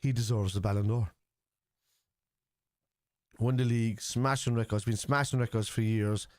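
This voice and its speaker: A man's voice: on the low side, steady tone, normal speed, darkish tone, no room sound, studio quality. An Irish man hosting a live football watchalong, chatting casually and reading out viewer messages in a blunt, opinionated way. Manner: blunt and opinionated, swears freely. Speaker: livestream host reacting to a football match.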